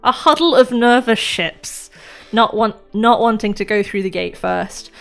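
A woman running a tabletop game as game master, narrating scenes in a lively, vivid way and laughing often. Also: a little high, measured pace, creaky, faint music behind.

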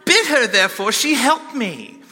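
A man's voice: very animated, unhurried, big-room sound, slight background noise, full character voice. A man doing an exasperated overworked hostess. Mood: indignant. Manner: pleading, high and loud, mock old-fashioned English in part. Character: exasperated busy woman host, overworked and indignant.

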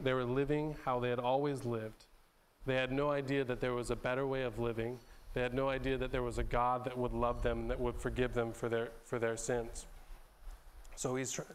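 A man giving a sermon in an easygoing, conversational way, stumbling back over his words and pausing to clear his throat. His voice is smooth and resonant, sitting at an ordinary middle pitch. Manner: loose and conversational, with frequent restarts and repeated words; clears his throat often between phrases. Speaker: pastor. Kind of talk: sermon retelling a Bible story.

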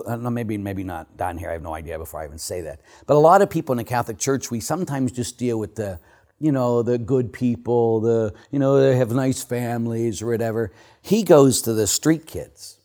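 An older man, a Catholic priest, telling stories to a church audience in an animated, joking way that swings from loud to hushed. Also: mid-range voice. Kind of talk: storytelling talk to a church audience.

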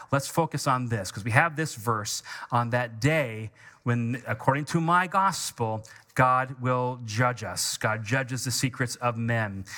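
A man preaching a sermon as pastor, reading scripture slowly with stress on each phrase and leading the congregation in call-and-response. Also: mid-range voice, sharp tone. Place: church sanctuary.

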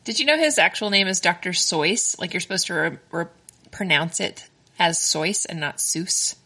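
A woman's voice: on the low side, very animated, fairly quick, sharp tone. A woman in casual podcast chat, rambling and giggly, leaning on "like". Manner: giggly, rambling, says like a lot.

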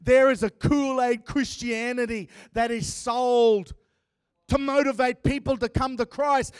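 High-voiced man preaching with big swings. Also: measured pace, clean tone, no room sound, clean studio sound. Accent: non-American. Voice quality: bald man with an accent. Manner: swings from shouting to hushed, dramatic. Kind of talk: sermon.

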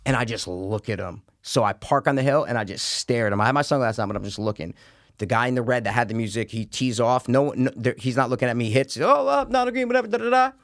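A young man telling a story in casual chat, swearing freely and acting out the shouted lines at a raised volume. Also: medium pitch, fast talker, dry recording, clean studio sound. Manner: profane, acts out quotes loudly with a raised voice.

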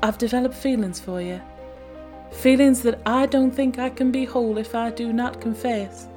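A woman's voice: mid-range voice, animated, unhurried, dark tone, faint music behind, close to an everyday voice. A woman playing a murderous starlet in a comedy sketch, talking in an earnest, wistful way. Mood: confessing. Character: female killer starlet with a double life, yearning.

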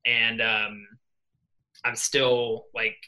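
A man's voice: mid-range voice, very slow, poor audio. A young man from New York, a swim coach, telling a story in a casual podcast interview and acting out the dialogue. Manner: animated, acts out quoted dialogue. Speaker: assistant swim coach, guest. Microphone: podcast microphone.

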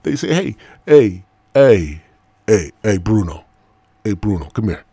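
A man putting on a loud Italian-American New York accent to play a pushy guy who keeps yelling for his buddy. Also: on the low side, very animated, measured pace, husky, dry recording, full character voice. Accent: put-on Italian-American New York. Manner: pushy, repeats hey to grab attention.

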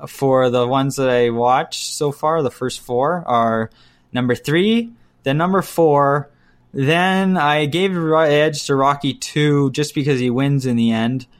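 A man co-hosting a casual chat about movies, ranting bluntly and breaking into quick mimicked voices. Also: mid-range voice.

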